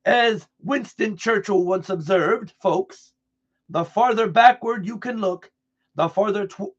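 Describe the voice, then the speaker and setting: A man reading a broadcast transcript aloud in an earnest, deliberate way, restarting now and then over a word. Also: sits high, a bit bright, muffled recording. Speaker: reader.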